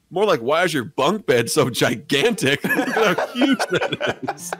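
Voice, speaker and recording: Playful high-voiced man reacting to games. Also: big pitch swings, unhurried, few pauses, noisy background. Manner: playful, laughs often, voices characters on the fly. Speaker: YouTube host reacting to game animations. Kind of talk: casual gaming reaction chat.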